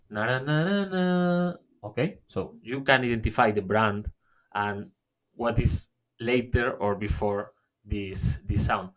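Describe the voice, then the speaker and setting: Slow-talking man giving a webinar. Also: lowish voice. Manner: halting, many fillers and restarts, says "okay?" often. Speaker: webinar presenter. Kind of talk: online workshop talk.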